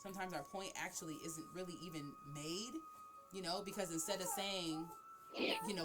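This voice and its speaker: Female host, casual and animated, laughs easily, low-ish voice, music bed clearly audible. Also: moderate pace. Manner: laughing and animated, acting out examples. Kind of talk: casual chat.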